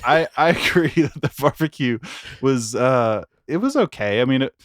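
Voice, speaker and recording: A man's voice: medium pitch, animated, normal speed, dry recording, clean studio sound. A young man co-hosting a podcast, telling stories in a rambling, laughing, casual chat. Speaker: podcast co-host.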